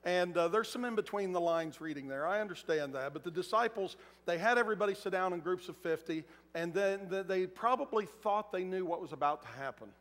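A man's voice: sits high, fairly quick, few pauses, a bit bright. A man preaching a sermon in a large church auditorium, talking conversationally and acting out quotes. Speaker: pastor. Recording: echoey hall.

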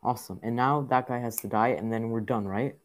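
A man's voice: mid-range voice, brisk. A man giving casual gameplay commentary, grumbling and swearing at the game in frustration. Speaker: gaming YouTuber.

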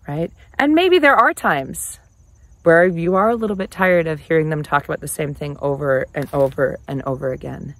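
A woman hosting a casual advice talk to camera, conversational and animated. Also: fairly low pitch, normal speed, dry recording. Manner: animated, conversational, often acts out quoted phrases. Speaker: relationship advice host.

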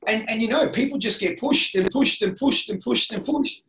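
A man's voice: very high voice, normal speed, a bit bright, a little hiss or hum. A middle-aged Australian man telling his life story as an interview guest, earnest and rambling, with many restarts. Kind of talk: candid personal storytelling. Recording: roomy echo.

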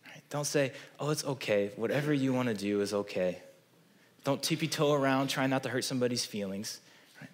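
A man's voice: medium pitch, fairly bright tone. A man with a Midwestern American accent preaching a sermon in a church, earnest and conversational, often checking in with "right?". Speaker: pastor. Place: church sanctuary.

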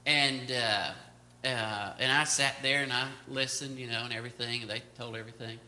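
A man's voice: medium pitch, steady tone, moderate pace, pushed and bright. An older man, a pastor, teaching a Sunday school Bible lesson in a rambling, storytelling way full of fillers. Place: church classroom. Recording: echoey room.

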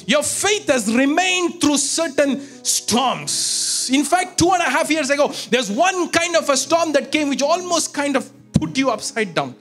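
A man preaching a prophetic sermon, fervent and shouting, speaking in tongues. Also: extremely high pitch, lively intonation, unhurried, hardly any pauses, faint music behind.

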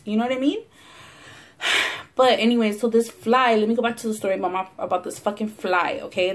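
Profane, animated Chicano English woman. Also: mid-range voice. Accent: Los Angeles Chicano English. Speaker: mukbang vlogger. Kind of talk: casual storytelling while eating. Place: home, near a window at sunset.

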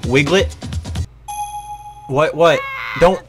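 Swearing, sleepy-sounding streamer with game music behind. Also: male voice, on the high side, extremely slow. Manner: profane, sleepy, mumbling reactions. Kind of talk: casual gameplay commentary.

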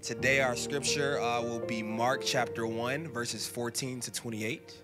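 A man's voice: medium pitch, fairly even intonation, measured pace. Man reading scripture over guitar music. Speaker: connect group leader reading scripture. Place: church auditorium.

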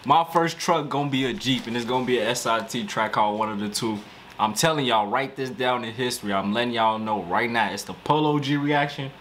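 A man hosting a music reaction channel, giving excitable, slangy commentary and talking straight to his viewers. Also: mid-range voice, a little fast, a little hiss or hum.

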